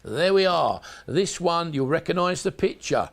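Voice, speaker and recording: A man's voice: fairly high pitch, animated, unhurried, vocal fry, fairly bright tone. Chatty South London shopping-channel man. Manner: chatty, salesy, addresses viewers directly. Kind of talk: home shopping sales pitch.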